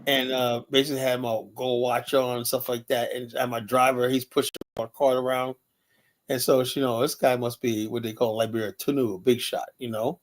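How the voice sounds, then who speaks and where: A man's voice: mid-range voice, brisk. Talkative New York man. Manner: animated, rambling, frequent "you know". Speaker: show host. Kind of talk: casual opinion chat.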